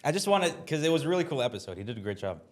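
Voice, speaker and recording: A man's voice: a little high, sing-song, very fast. A man hosting a podcast, chatting casually and steering the conversation with his guest. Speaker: podcast host. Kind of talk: casual chat.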